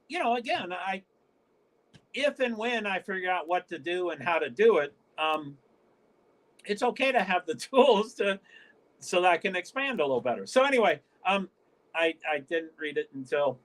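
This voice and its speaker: A man's voice: sits high, a bit bright. A man from the northeastern US hosting his own livestream, talking in a rambling, stop-start way and often cutting himself off mid-sentence. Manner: rambling, stop-start, frequent self-interruptions. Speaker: livestream host. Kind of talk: casual livestream chat.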